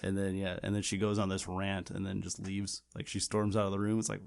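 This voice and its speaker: A man's voice: lowish voice, level tone, quick pace, gravelly, few pauses, a little mellow. A man co-hosting a podcast, chatting casually and rambling with many restarts and fillers. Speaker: podcast co-host. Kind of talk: casual chat.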